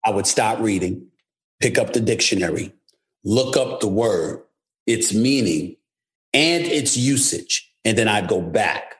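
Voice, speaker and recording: A man from New York City talks bluntly in a low, husky voice, doubling back on his words for emphasis. His speech leans hard on each point, candid and personal. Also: expressive, measured pace. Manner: emphatic, repeats himself, blunt. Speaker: guest. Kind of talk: candid interview talk.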